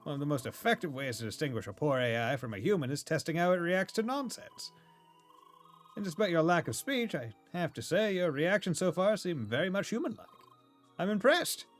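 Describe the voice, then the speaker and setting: A man's voice: fairly high pitch, big pitch swings, fairly quick, faint music behind, pitched above the performer's own voice. A man voicing a forgetful, eccentric rich old man who rambles theatrically.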